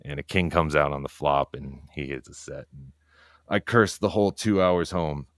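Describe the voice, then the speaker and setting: Brief: low-pitched male streamer, profane and rambling, talking quietly at home at night, dry room. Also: moderate pace, no echo. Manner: talking quietly so as not to wake others. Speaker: livestreamer. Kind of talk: casual livestream monologue.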